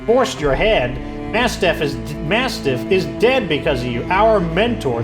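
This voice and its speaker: Firm young lady ruler in a mech game, read by a guy, bit high voice, faint music. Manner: earnest, firm. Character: young noblewoman leader, resolute and stern. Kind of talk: reading game dialogue aloud.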